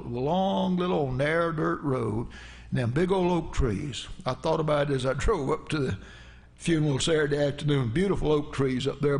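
Gravelly preacher telling a story. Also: male voice, on the high side. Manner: folksy, rambling anecdotal storytelling with restarts. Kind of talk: storytelling sermon.

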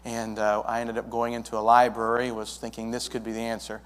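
A man's voice: mid-range voice, completely flat delivery, fairly quick. Man, young adult, church planter, folksy storytelling, long reverb in a church hall. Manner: folksy storytelling, acts out dialogue. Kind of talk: testimony to a congregation.

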